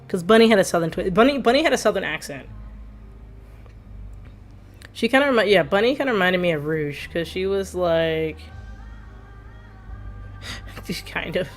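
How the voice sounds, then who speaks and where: Woman gamer chatting away, laughs a lot, kinda low voice, faint game music behind. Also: animated, normal speed, long pauses. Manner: rambling, laughs often, chatty. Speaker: let's play streamer. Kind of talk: casual gameplay commentary.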